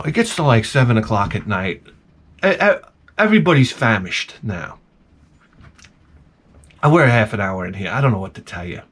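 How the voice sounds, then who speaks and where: A man's voice: medium pitch, fairly bright tone, breathy edge. A man telling a comic rant about a bad day, exasperated, profane and self-mocking. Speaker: comedy vlogger.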